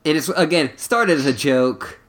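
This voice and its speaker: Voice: mid-range voice, moderate pace. A podcast co-host chatting casually and joking while adding details to a recap.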